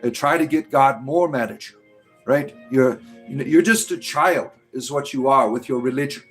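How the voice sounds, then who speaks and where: A man's voice: mid-range voice, normal speed, soft background music. A man hosting a livestream in casual chat, talking back to his viewers in a sarcastic, scornful way. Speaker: livestream host answering chat.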